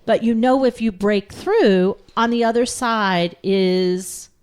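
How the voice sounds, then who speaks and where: Woman, earnest emphatic storyteller, slightly high voice, podcast chat. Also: expressive, takes it slowly, a little mellow, clean tone. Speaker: podcast co-host.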